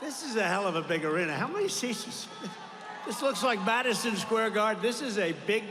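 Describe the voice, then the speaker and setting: A man's voice: high-pitched, expressive, a little fast, crowd noise, background noise. An older man giving a campaign rally speech in a large arena, boastful and repetitive, drifting into rambling asides. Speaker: political rally speaker. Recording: echoey arena with long reverb.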